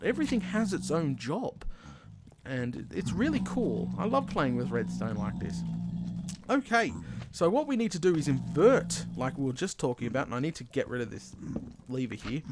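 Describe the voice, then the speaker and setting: Speaking in a mid-range voice, an Australian video host talks over footage of himself playing a game. His commentary is relaxed and chatty, excitable and quick to poke fun at himself.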